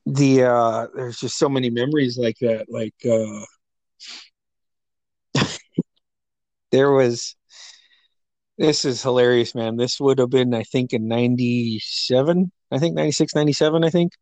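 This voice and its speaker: A man's voice: a little slow, pauses often, no room sound. Guy reminiscing, lots of uh and you know, bumps his voice up for quotes, dry close sound. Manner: animated storyteller, acts out quotes in a higher voice; laughs often, many fillers. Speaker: friend sharing memories. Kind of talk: casual storytelling chat.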